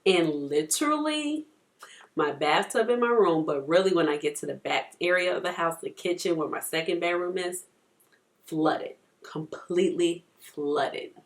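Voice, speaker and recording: A woman in her thirties chatting and rambling through stories while doing her makeup at home for a beauty vlog. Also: sits low. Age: 30s. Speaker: beauty vlogger.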